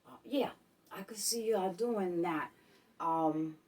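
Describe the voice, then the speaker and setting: A woman from Puerto Rico, vlogging at home, gives casual advice slowly in a fairly low voice with a darkish tone. Recorded a bit away from the mic, she repeats her points and keeps asking "okay?"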